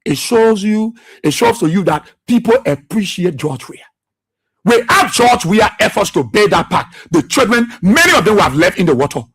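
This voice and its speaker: High, bright, husky Liberian man. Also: animated, normal speed. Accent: Liberian English. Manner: impassioned, repetitive, preachy. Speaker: radio talk show host. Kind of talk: political commentary monologue.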